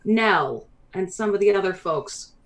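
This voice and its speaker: A woman's voice: mid-range voice, expressive, unhurried, close to an everyday voice. A woman voicing a kindly, fretful middle-aged female dwarf mayor who speaks in a motherly, hesitant way. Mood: somber. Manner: motherly, hesitant, hushed when delivering bad news.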